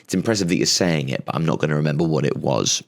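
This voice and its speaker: A man doing an impression of a polite, hesitant male head of state who speaks slowly and with restraint. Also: extremely low pitch, gravelly, pitched below the performer's own voice. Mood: polite, weary.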